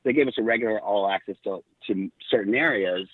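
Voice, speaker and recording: A man's voice: on the low side, fast talker, no room sound. Man telling stories over a tinny line. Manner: animated anecdotes with quoted dialogue. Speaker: podcast guest. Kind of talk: casual storytelling.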